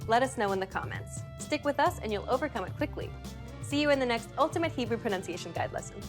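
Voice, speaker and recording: A woman hosting a pronunciation lesson, giving upbeat, clearly enunciated scripted instructions. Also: on the high side, lively intonation, quick pace, music in the background. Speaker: language teacher host.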